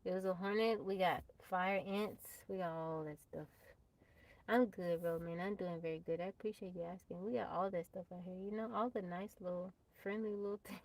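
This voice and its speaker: A woman's voice: lowish voice, fairly even intonation, brisk, darkish tone, low-quality recording. A woman chatting casually on a live stream, laughing often and talking straight to her viewers. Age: adult, mother of a child. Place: tiny house off the grid.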